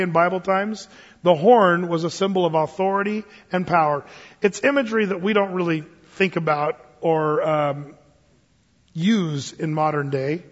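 High-voiced joking pastor in a hall. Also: male voice. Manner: casual, joking, digressive, lively storytelling. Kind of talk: sermon, verse-by-verse Bible teaching. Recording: dull sound with long reverb.

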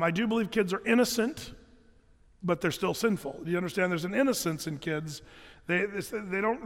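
A man preaching a sermon as a pastor, conversational and halting, with many fillers and restarts. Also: fairly high pitch, fairly bright tone, in a large hall.

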